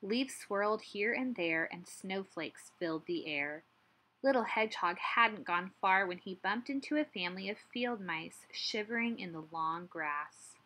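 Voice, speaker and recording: Bright-voiced woman reading a picture book. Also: medium pitch, expressive, a little slow. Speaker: teacher reading aloud. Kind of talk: picture-book read-aloud.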